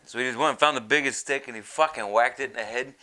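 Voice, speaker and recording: A man's voice: mid-range voice, quick pace, sharp tone. A man hosting a casual podcast, rambling through stories and giggling often. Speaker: podcast host. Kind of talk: casual stoner chat.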